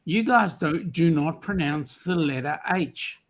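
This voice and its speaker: A man's voice: fairly high pitch, expressive, unhurried. A man in his sixties, raised in South Africa, chatting casually and teasing with mock indignation. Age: 60s. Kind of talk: casual chat.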